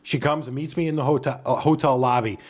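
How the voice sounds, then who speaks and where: A man co-hosting a podcast, telling a crude story in a casual, animated way, acting out the quotes. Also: mid-range voice, quick pace. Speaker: podcast co-host.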